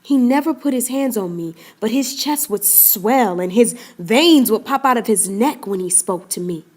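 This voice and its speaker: A woman's voice: a little high, animated, normal speed, a little mellow. A woman performing a dramatic monologue as a young woman who tells, earnestly and confidingly, how a relationship hurt her. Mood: rueful. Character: young woman recounting a hurtful relationship, wounded but resolute.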